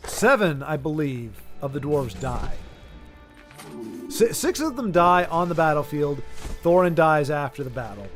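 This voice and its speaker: High-voiced guy ranting on stream, lots of restarts, soft music behind. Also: unhurried. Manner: animated, ranting, self-interrupting. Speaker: streamer host. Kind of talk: casual livestream chat.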